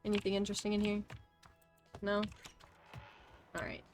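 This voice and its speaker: Quiet woman muttering through a game. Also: mid-range voice, completely flat delivery, normal speed, faint music behind. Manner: soft, muttering asides to herself. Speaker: streamer. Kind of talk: casual gameplay commentary.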